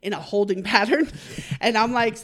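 A woman telling a story in casual chat, animated and profane, laughing as she talks. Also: a little high, moderate pace.

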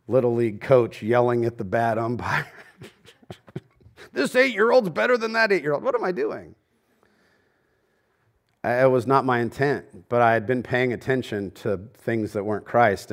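A middle-aged man preaching a sermon as pastor in a church. He talks conversationally and drops to a near hush on key lines. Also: mid-range voice. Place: church sanctuary.

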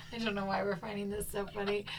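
A woman's voice: medium pitch, far from the mic, heavy background noise. A woman co-hosting a podcast for school leaders, teasing her partner and laughing often. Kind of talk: casual podcast banter.

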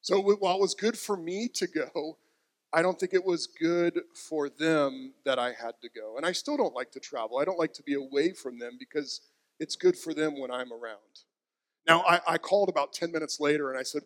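A pastor in his thirties preaches in a large hall, his voice on the high side and a little fast. He tells a heartfelt personal story with emotion, acting out the quotes.

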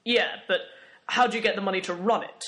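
A man's voice: high-pitched, fairly even intonation, brisk, bright, forceful tone. A young man playing a dry, sarcastic, skeptical volunteer in a comedy sketch.

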